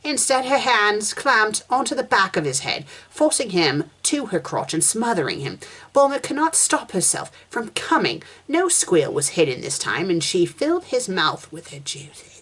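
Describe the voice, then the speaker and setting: A woman's voice: medium pitch, sing-song, moderate pace, a bit bright, husky. A woman reviewer reading fan fiction aloud, breaking in with sarcastic, exasperated comments.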